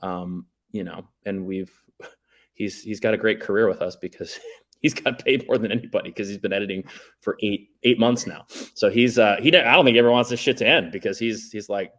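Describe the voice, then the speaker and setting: Laid-back low-voiced man rambling. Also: steady tone, quick pace, fairly bright tone. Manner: rambling, laid-back storytelling with many fillers. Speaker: guest, documentary writer and director. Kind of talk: casual podcast chat.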